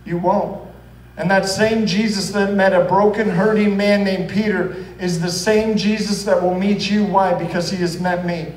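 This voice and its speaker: High-voiced pastor preaching in an echoey church. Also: male voice, steady tone, moderate pace, distant mic. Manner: earnest storytelling, acts out quoted voices. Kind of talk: sermon. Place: church hall.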